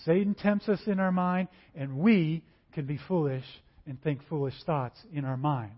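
A man preaching a sermon, conversational and animated, acting out little dialogues in different voices. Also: fairly high pitch, moderate pace. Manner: acts out dialogues in varied voices. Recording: dull lo-fi recording.

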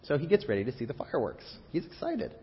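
A man preaching in a church, retelling scripture in a conversational, humorous, animated way. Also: fast talker, slightly rough. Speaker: pastor. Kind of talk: sermon. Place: church sanctuary. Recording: dull audio with faint rumble.

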